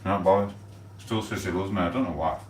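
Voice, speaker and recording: A man's voice: sits low, fast talker, a little mellow, slight background noise. A man, chatting casually and rambling on a live stream, swearing freely as he talks from his kitchen. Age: 40s. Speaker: livestreamer. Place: home kitchen. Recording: roomy echo, distant from the mic.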